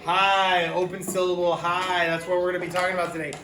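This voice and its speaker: A man's voice: high-pitched, monotone, very fast. A man teaching a phonics lesson, patiently sounding out letters for children. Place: classroom. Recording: echoey room, mic far off, background noise.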